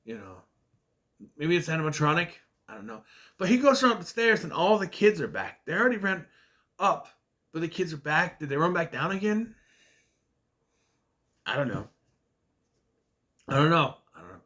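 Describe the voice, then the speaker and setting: A man casually recapping a sitcom episode, rambling and quoting characters in quick asides. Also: on the high side, expressive, pushed and bright. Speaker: retro TV show reviewer.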